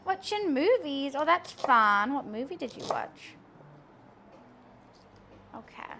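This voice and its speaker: A woman's voice: high-pitched, sing-song, slow pace, pauses often, sharp tone, a little hiss or hum. A young woman live streaming while she cooks in her kitchen, chatting to her viewers in a self-mocking way and laughing often. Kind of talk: casual chat to a live stream audience while cooking. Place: home kitchen.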